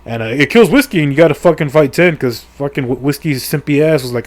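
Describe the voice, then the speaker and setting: Middle-aged guy, slightly high voice, profane rambling game recap, crude humor. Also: expressive, quick pace. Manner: rambling, profane, crude jokes, lots of fillers. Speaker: gaming video creator. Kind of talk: casual comedic game story recap.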